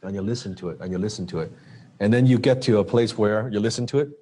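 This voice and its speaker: A man coaching on sales closing, animated and acting out dialogue. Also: lowish voice, fast talker. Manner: animated, acts out lines of dialogue.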